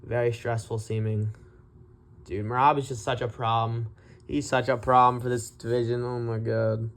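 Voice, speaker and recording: A man's voice: medium pitch, flat delivery, normal speed, a bit bright. A man giving casual, profane commentary on a fight, blunt and mocking as he rants. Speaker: MMA commentary vlogger.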